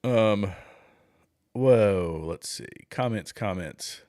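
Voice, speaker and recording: A man's voice: lowish voice, very slow, darkish tone. A middle-aged man hosting a livestream, chatting casually with viewers, rambling and chuckling at clips. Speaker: livestream host.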